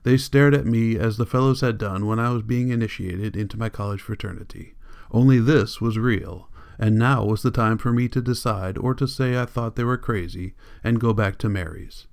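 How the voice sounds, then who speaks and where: A man reading a novel aloud as an audiobook narrator, in a measured, even way. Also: lowish voice, creaky, clean tone. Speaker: audiobook reader.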